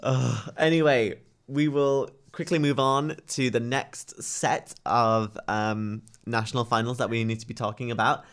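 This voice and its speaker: A man's voice: medium pitch, fairly even intonation, measured pace, few pauses, a bit bright. A man hosting a podcast in loose, joking casual chat. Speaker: podcast host.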